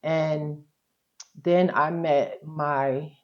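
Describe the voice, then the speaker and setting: A woman, a social worker, talking frankly in an interview about her own journey in a relaxed, colloquial way. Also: low voice, drawn-out words, lo-fi sound. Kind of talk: candid personal storytelling.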